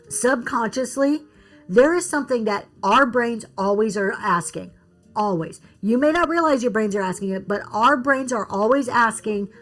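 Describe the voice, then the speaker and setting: A chatty woman talks shop to her livestream viewers, answering comments from chat as she goes. Her voice sits a little high, and faint music plays underneath. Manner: chatty, reads and answers comments, restarts often. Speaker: livestream seller giving business talk. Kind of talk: casual livestream talk, reading chat.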